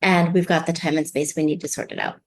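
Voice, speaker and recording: A woman parenting coach explaining advice in conversation, lively, often acting out what parents and kids say. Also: low-pitched, quick pace. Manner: animated, acts out parent and child voices.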